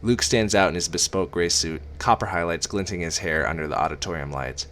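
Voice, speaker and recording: A man's voice: low voice, brisk, fairly bright tone. A man reading a novel aloud in a casual amateur way, with wry asides and casual swearing.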